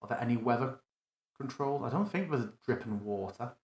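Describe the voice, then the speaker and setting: Male game master, mid-range voice, relaxed running commentary with roomy echo. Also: medium pitch, a little fast. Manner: thinks aloud, casual, self-correcting. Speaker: game master demonstrating a virtual tabletop. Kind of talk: live screen-recorded tutorial.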